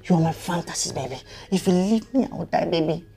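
A man's voice: on the high side, fast, vocal fry, a crowd in the background. A man with a Nigerian accent playing a besotted husband who stammers, pleads and dotes on his wife in a Nollywood movie. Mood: begging. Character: besotted hen-pecked husband, soft and begging. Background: background music.

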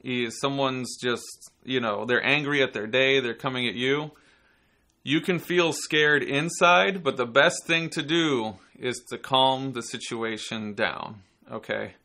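A man hosting a podcast and giving casual self-defense instruction, relaxed and chatty, sometimes acting out angry people. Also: mid-range voice, unhurried. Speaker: podcast host and martial arts instructor.

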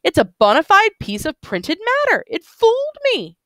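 A woman reading a novel aloud, voicing an excitable, drunk, stout middle-aged man in big spectacles who talks insistently and rambles. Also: very high-pitched, normal speed, no echo, voice pushed up, full character voice. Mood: excited.

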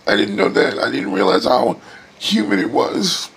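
A middle-aged man in a hospital room, weary and near tears, talking in a personal video diary with sighs and halting pauses. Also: fairly high pitch, big pitch swings, creaky, fairly bright tone, slightly rough. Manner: emotional, sighing, halting. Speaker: vlogger.

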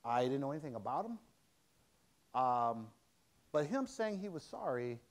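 Brief middle-aged man lecturing, lively pitch that rises and drops to quiet asides, loose and halting storytelling. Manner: conversational, halting with frequent restarts and fillers. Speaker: museum director giving a public lecture.

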